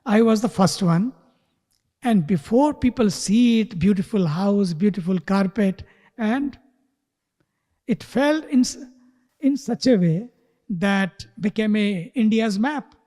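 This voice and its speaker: A man giving a spiritual talk who tells a story slowly and sometimes drops to a whisper. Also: sits high, lively intonation, warm tone, big-room sound. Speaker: spiritual teacher. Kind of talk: sermon with storytelling. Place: retreat hall.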